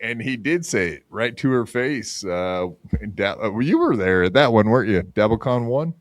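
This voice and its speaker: Low-voiced rambling crude man, dry sound. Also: lively intonation, moderate pace, no room sound. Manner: rambling, crude, self-mocking, many fillers. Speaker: podcast host. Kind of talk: crude casual chat.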